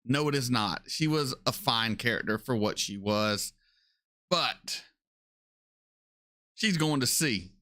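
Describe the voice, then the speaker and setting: Male host doing a casual livestream with a bright, crisp voice. Opinionated, says his points twice, and his pitch jumps up when he gets excited. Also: moderate pace. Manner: opinionated, repeats himself for emphasis. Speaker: reaction channel host.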